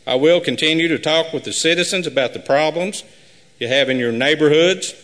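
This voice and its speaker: A man running for sheriff, reading a prepared campaign speech at a live forum in an earnest, measured way. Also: on the high side, fairly bright tone. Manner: earnest, measured, repetitive pledges. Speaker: sheriff candidate. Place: high school forum hall. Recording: live hall with long reverb.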